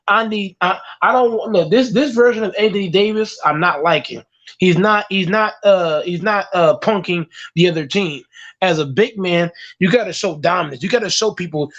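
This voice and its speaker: A man's voice: high voice, moderate pace, fairly bright tone, lo-fi sound. A man giving heated, profane sports opinions on a talk show, emphatic and repetitive.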